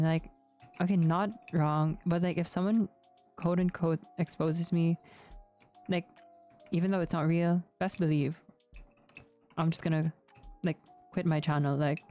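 A woman's voice: low-pitched, warm tone. A young woman rambling casually while playing a game, full of fillers and swearing freely, on a desktop microphone. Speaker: gaming YouTuber. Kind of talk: casual rambling gameplay commentary. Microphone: desktop USB microphone. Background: faint background music and keyboard typing.

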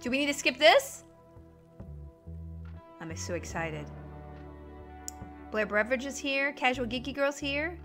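A woman's voice: sits high, fairly quick, few pauses, music in the background. A woman live-streaming a video game from home, chatting with viewers and reacting to the game crashing. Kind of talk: casual live-stream chat while gaming.

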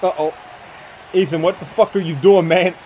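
A man giving wrestling color commentary, with short profane interjections and shouts at the action. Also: sits high, fairly even intonation, moderate pace, husky.

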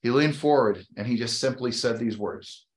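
A man's voice: mid-range voice, moderate pace. A man in his fifties, with a voice sitting in an ordinary middle register, speaks to a room of agents at a team training. He tells a personal story and then builds to an emphatic, encouraging push. The sound carries a roomy echo from the meeting space. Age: 50s. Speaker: real estate team leader and trainer. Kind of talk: motivational talk to an audience.

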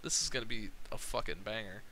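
Bright, excitable young man streaming. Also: lowish voice, fast, slight background noise, rough recording. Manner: excited, profane, laughing often. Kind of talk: casual gaming livestream commentary.

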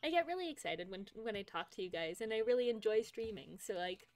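A woman's voice: mid-range voice, lively intonation, a little fast, darkish tone. Chatty young woman streamer, lots of laughs. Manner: chatty, laughs often, reads out chat. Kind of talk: casual chat with viewers. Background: faint game music.

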